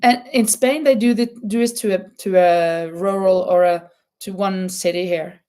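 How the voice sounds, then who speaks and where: A woman's voice: medium pitch, fairly even intonation, moderate pace, darkish tone. A woman with a Norwegian accent chatting casually on a live stream, laughing often and reading out viewer comments. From Norway. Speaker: crochet channel host.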